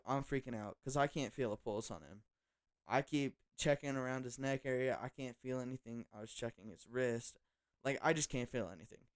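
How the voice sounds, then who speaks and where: Smooth-voiced young man telling a story. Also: medium pitch. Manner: fast casual slang with frequent fillers. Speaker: vlogger. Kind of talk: casual storytelling to camera.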